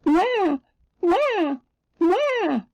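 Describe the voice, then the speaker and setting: A woman voicing a small, easily frightened little girl who cries in high wails. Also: animated, slow, mellow. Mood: wailing. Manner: high wailing sobs. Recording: dull lo-fi recording.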